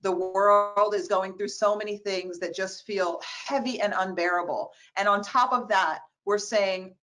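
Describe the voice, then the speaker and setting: Animated woman telling a story on a video call. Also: medium pitch, measured pace, few pauses, low-quality recording. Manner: animated, expressive storytelling with quoted voices. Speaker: diversity expert, guest speaker. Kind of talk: conversational webinar interview.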